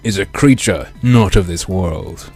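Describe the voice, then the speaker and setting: A man streaming a video game, reading its text aloud in a mock-dramatic way with sardonic, swearing asides, his throat strained and often cleared. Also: low-pitched, measured pace, darkish tone, faint music behind. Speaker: gaming streamer.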